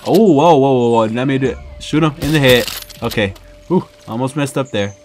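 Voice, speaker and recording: A man casually commenting on his own gameplay, chatty and breaking into loud excited yelps. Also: medium pitch, fairly quick, over music. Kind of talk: casual let's-play commentary.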